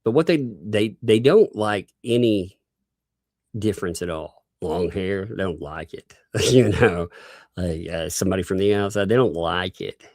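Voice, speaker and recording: A man with a Southern US accent hosting a casual livestream, talking in a slow, self-assured drawl and laughing often. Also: sits low, expressive, a little mellow, no room sound, studio quality. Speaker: livestream host.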